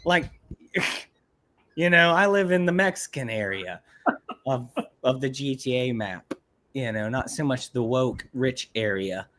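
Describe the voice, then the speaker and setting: Ranting profane streaming host. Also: male voice, unhurried. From Ohio, USA. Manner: profane, ranting, animated swings in pitch. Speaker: podcast co-host. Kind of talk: casual livestream chat.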